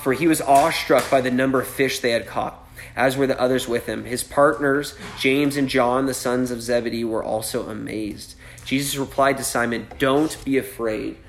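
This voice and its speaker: A man's voice: medium pitch, fairly even intonation, normal speed. Casual preaching man in an echoey room. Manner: casual preaching, frequent "right?", acts out voices with laughs. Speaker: pastor. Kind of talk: sermon.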